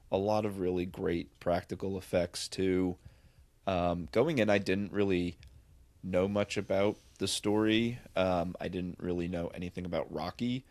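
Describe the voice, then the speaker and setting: A man's voice: low voice, darkish tone, dry recording. A man co-hosting a podcast, rambling enthusiastically about films in casual chat with lots of fillers. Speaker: podcast co-host.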